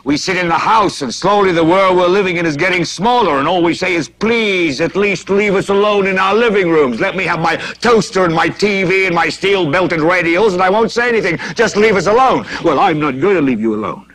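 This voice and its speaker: An actor playing a middle-aged male TV news anchor who works himself up from weary complaint to a shouted, impassioned on-air rant in a film scene. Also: sits high, a little fast, hardly any pauses. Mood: fierce. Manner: rising from weary to shouting fury.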